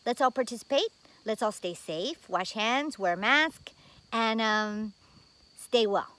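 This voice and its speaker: A woman's voice: on the high side, expressive, measured pace, a bit bright. A woman in her fifties from the United States, telling stories in a chatty vlog with many fillers. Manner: chatty, with lots of fillers and tag questions. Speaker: vlogger. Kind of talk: casual storytelling vlog.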